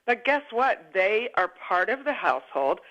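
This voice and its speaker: A woman's voice: medium pitch, big pitch swings, moderate pace, a bit bright. Upbeat woman advising over a dull line. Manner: emphatic, upbeat advice-giving. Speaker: parenting guest. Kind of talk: remote guest on morning TV chat. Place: Dallas. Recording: lo-fi remote line.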